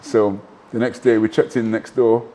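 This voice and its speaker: A man, a former boxer telling animated anecdotes in a casual interview, full of asides and restarts. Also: fairly low pitch, normal speed. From Manchester, England. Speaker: guest, former professional boxer.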